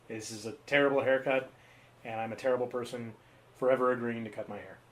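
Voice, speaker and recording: A man's voice: mid-range voice, fairly even intonation, fast talker, a bit bright. A man co-hosting a live podcast stream, chatting casually and poking fun at himself while he fills time. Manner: rambling and self-mocking. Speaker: podcast co-host.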